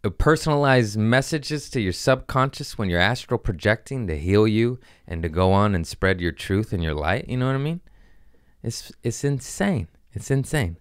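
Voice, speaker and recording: A man on a podcast telling a profane, animated comic story and acting out the voices of the people in it. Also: on the low side, moderate pace, clear, resonant tone, no echo, studio quality. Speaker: comedian guest on a podcast.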